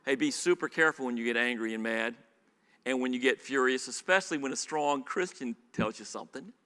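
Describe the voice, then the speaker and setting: Animated male preacher in a reverberant church. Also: mid-range voice, a little fast. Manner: animated, swings between loud emphasis and quiet asides, asks the congregation questions. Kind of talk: sermon. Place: church sanctuary. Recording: live church sermon with long hall reverb.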